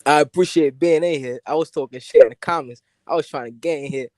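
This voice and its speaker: Mellow teenage New York guy. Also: fairly high pitch, fast, no echo. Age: teens. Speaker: guest caller, amateur boxer. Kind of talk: casual chat.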